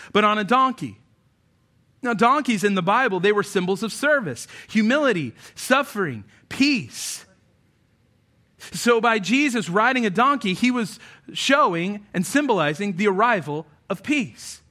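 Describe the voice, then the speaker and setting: A man preaching as pastor, talking in a casual, joking way and reading scripture aloud slowly. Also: sits high, bright, forceful tone. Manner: casual and joking, acts out everyday scenes. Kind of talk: sermon.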